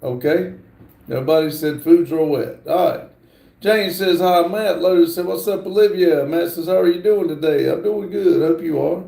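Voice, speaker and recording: A middle-aged man hosting a casual livestream, reading viewer comments aloud in a halting, apologetic way. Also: fairly high pitch, gravelly, dark tone. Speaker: livestream host. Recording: roomy echo.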